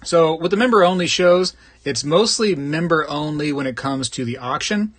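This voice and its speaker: A man's voice: a little high, normal speed, a bit bright. A man hosting a casual live stream, chatting and joking as he greets viewers by name and rambles between topics. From Florida. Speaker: host of a live coin collecting stream.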